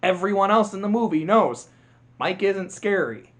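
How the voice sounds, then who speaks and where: A man's voice: high voice, animated, normal speed, fairly bright tone. A man giving a casual spoken review of films, rambling, cutting himself off and laughing often. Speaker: video creator. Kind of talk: casual film review monologue.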